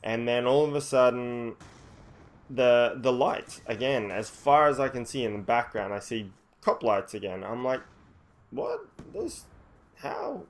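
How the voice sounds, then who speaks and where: A man's voice: mid-range voice, normal speed. Aussie guy rambling thru a story, swears a lot, restarts sentences, keeps it casual. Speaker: vlogger telling a story.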